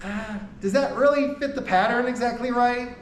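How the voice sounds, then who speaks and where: Speaking in an extremely high voice at a moderate pace, a man from the United States addresses faculty in a lecture room, chatting his way through points with frequent "right?" check-ins, sentence restarts, and laughter. The room echoes, he sounds far away, and there is slight background noise.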